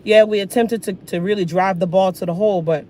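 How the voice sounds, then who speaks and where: Woman doing poised male athlete, measured, formal, lower-pitched. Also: fairly even intonation, mellow, slight background noise, lightly acted. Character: polished male basketball star, measured.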